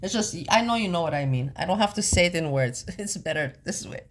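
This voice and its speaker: A woman's voice: on the low side, animated, quick pace, slight background noise. A woman from Europe chatting casually as a vlogger, laughing often and repeating herself for emphasis. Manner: giggly, laughs often between remarks. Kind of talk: casual chat.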